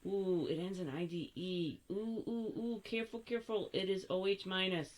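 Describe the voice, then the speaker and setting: A woman's voice: medium pitch, moderate pace, hardly any pauses. An older woman teaching a chemistry lesson, chatty and playful, correcting herself as she goes. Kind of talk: recorded classroom lesson.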